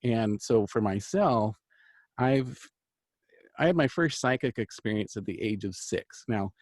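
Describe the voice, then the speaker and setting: Middle-aged guy rambling earnestly, kinda low voice, dry close sound. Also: expressive, unhurried, darkish tone, dry recording. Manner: rambling, earnest, full of fillers and restarts. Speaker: host, angel card reader and healer. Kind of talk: casual storytelling chat.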